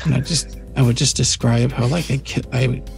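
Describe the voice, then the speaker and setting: A man co-hosting a podcast, telling a rambling, animated workplace story in casual chat. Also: medium pitch, normal speed, gravelly, faint music behind. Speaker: podcast co-host.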